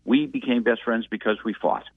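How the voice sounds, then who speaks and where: A man's voice: medium pitch, expressive, fairly quick, creaky, husky, dry recording. A man, calling in and reminiscing in a rambling, reflective way. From Massachusetts. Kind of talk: casual reminiscing. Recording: tinny dry phone line.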